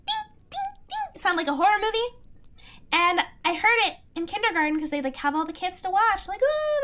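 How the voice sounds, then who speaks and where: A young woman streamer chats casually and answers her viewers, rambling with lots of "like" and breaking into giggles. Her voice sits high and sounds bright. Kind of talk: casual chat, reading chat.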